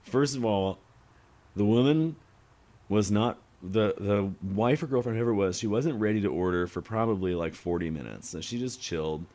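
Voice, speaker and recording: A man with a lowish voice, speaking at a moderate pace, is a guest on a laid-back podcast where they chat over beers. He's an animated storyteller, sharing restaurant tales and acting out the customers.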